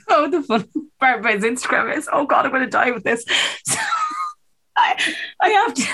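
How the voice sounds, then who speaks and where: A young Irish woman co-hosting a podcast, telling stories in animated casual chat, laughing often and swearing. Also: high-pitched, normal speed, pauses often, slightly rough. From Ireland. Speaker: podcast co-host.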